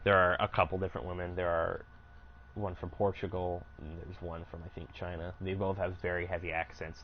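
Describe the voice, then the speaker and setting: Low-voiced young man, rambling and profane. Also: muffled recording, a little hiss or hum. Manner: rambling, profane, self-interrupting. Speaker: gaming streamer. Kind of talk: casual storytelling while gaming.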